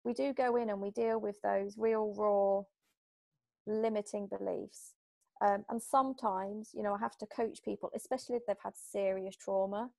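A woman from Britain, a hypnotherapist guest in an interview, talking in a chatty, lively way and acting out little exchanges. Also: mid-range voice, moderate pace, creaky, dry recording. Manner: chatty, animated, acts out little quoted exchanges. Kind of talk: casual interview talk.

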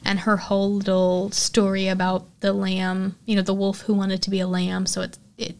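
A woman's voice: mid-range voice, completely flat delivery, moderate pace, vocal fry. A woman hosting a horror podcast, retelling a film's plot and giving her opinion in a casual, chatty way, with plenty of "like" and "you know". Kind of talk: casual film recap and review.

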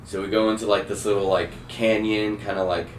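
A man's voice: on the low side, little pitch movement, a little fast. A young man casually telling a rambling story, swearing and full of fillers. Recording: roomy sound, mic far off, faint hum.

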